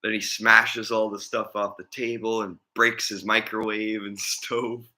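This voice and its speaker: A man's voice: fairly low pitch, little pitch movement, measured pace, bright, forceful tone. A man vlogging in a casual, rambling chat, often chuckling as he talks.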